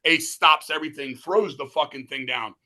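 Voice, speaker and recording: Brash, profane, animated middle-aged man. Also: fairly high pitch, normal speed. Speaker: guest musician. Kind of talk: casual storytelling interview.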